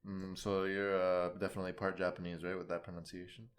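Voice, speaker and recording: A man's voice: deep voice, level tone. A young man co-hosting a casual podcast, joking and correcting details, with a teasing manner. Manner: joking, quick to correct facts. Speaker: podcast co-host. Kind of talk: casual chat.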